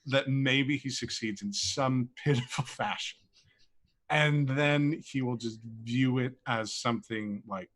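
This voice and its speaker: A man's voice: mid-range voice, takes it slowly, a bit bright. A man player reflecting casually on his character, thinking aloud and swearing now and then. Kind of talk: casual discussion.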